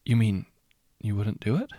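A man's voice: on the low side, sing-song, moderate pace, dark tone, no echo, studio quality. A man voicing a nervous, timid office clerk who stammers and apologizes. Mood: eager.

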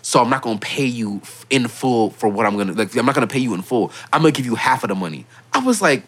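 A young man in his late teens hosting a casual podcast, telling stories in an animated way and getting loud when he quotes himself. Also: medium pitch, fast. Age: young adult. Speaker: podcast host.

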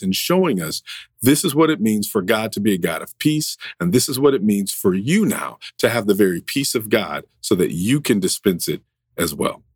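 A man's voice: lowish voice, slightly rough, no echo, clean studio sound. A man preaching a sermon as pastor, in a conversational style with occasional restarts. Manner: conversational preaching, varied delivery, brief restarts.

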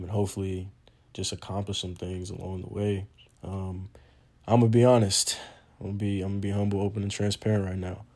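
A young man opens his podcast in a casual, earnest way, padding his talk with "um" and "man". He sounds a little nervous. His voice sits low and stays fairly flat. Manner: earnest, informal, frequent "um" and "man". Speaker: podcast host. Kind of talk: casual solo podcast intro.

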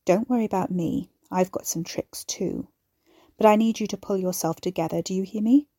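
A woman voicing a domineering older mother with a raspy voice who speaks in hard, cold, commanding tones. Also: mid-range voice, normal speed, warm tone, no echo, clean studio sound, natural voice.

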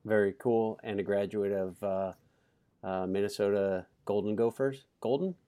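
A man's voice: fairly low pitch, fairly even intonation, moderate pace, mellow, smooth. A man hosting a podcast, chatty and enthusiastic, reading an ad and then chatting with a guest. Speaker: podcast host. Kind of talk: casual interview chat with ad read.

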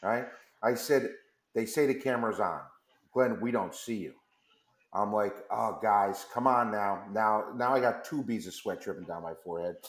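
A man's voice: lowish voice, normal speed, echoey room. A man telling a long story as a guest on a radio interview, acting out the back-and-forth of phone calls. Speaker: company founder as guest. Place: radio studio.

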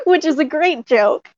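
A fairly high-voiced woman tells a casual story with eager excitement, breaking into laughs and filling pauses with ums and likes. She is a puppeteer. The recording sounds dry and a little dull. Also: no room sound. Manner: excited, laughing, many fillers.

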